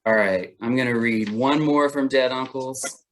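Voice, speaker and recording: Guy reading his poems, slow and deliberate, mid-pitch voice. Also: fairly bright tone, slight background noise. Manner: measured, deliberate delivery. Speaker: poet. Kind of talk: poetry reading.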